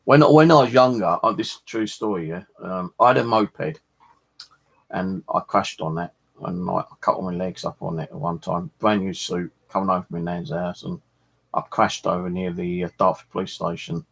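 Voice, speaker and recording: A middle-aged man talks in a deep, gravelly voice with a husky edge. He rambles in a loose, chatty way and swears freely as he tells his stories. He sounds like the relaxed host of a fishing vlog. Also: moderate pace, rough recording. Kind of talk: rambling casual chat.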